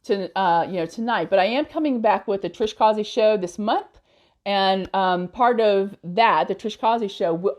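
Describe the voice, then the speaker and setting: A woman's voice: medium pitch, muffled recording. Chatty woman streaming live. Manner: chatty, laughs often, blunt with trolls. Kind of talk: casual live-stream chat reading comments.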